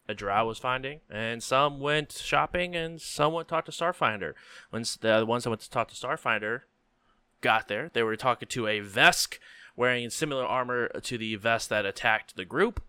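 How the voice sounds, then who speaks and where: A man narrating a tabletop game as game master, relaxed and full of ums and likes. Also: medium pitch, clean tone, no room sound.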